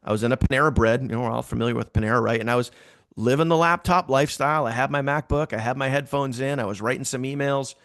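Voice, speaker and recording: A man telling a casual story to his team, animated and repeating phrases for emphasis. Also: mid-range voice, quick pace, dry recording, clean studio sound.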